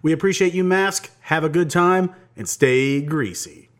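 A man's voice: fairly high pitch, unhurried. A young man hosting a podcast in casual, upbeat chat, often laughing. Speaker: podcast host.

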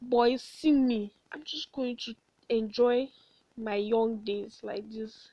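A woman's voice: on the high side, steady tone, takes it slowly, warm tone, no echo. A young woman, hosting a candid solo podcast; she rambles, swears bluntly and laughs at herself. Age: late teens. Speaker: podcast host. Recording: dull, dry lo-fi home recording.

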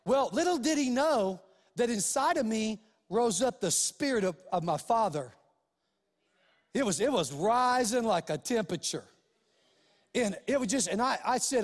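High-voiced man preaching a story. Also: normal speed, in a large hall. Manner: animated storytelling, acts out quoted voices. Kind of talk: storytelling sermon.

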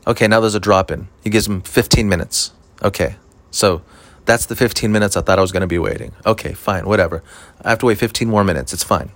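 A man's voice: lowish voice, quick pace, a bit bright, no echo. A man, a stand-up comedian, telling a story in a rambling, profane, casual way with lots of fillers.

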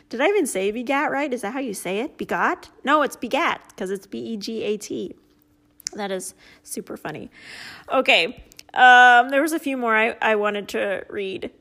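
A woman's voice: a little high, lively intonation, unhurried, fairly bright tone. A woman hosting a casual chat and reading out funny stories, often breaking into laughter at them. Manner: giggly, often laughs at what she reads. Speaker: host; parent.

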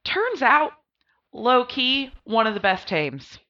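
A woman's voice: fairly high pitch, very animated, takes it slowly, pushed and bright. A woman co-hosting a casual podcast chat, rambling and laughing as she talks. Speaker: podcast co-host. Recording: dull lo-fi sound.

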